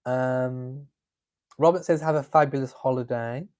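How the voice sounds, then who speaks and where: Reading his live chat aloud from home over coffee, an Englishman hosts a casual stream full of camp, playful chatter. His voice sits at a medium pitch, a little slow and slightly mellow.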